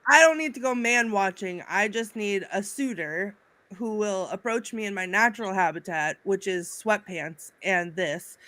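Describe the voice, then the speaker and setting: A woman's voice: mid-range voice, moderate pace, bright, forceful tone, no echo. A woman co-hosting a casual panel show, talking in a wry, self-deprecating way over a video call. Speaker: co-host.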